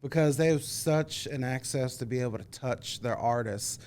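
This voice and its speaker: Smooth-voiced man telling lively stories. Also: mid-range voice, normal speed. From Cincinnati area. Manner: animated storyteller, acts out quoted voices. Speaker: guest, former concert booker. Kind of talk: casual podcast chat.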